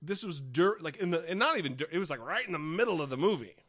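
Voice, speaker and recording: A man's voice: a little high, expressive, fast talker, a bit bright, no room sound, studio quality. A man co-hosting a podcast in casual chat, wry and rambling, swearing freely and restarting his sentences. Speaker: podcast co-host.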